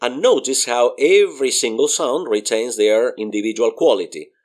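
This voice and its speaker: A man's voice: medium pitch, moderate pace. A man teaching a beginner Spanish lesson, spelling words out letter by letter and patiently explaining pronunciation with repeated examples.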